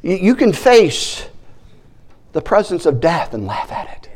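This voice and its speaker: A man preaching a sermon as a guest speaker, animated, breaking into shouted praises and acting out the voices in his stories. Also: sits high, measured pace.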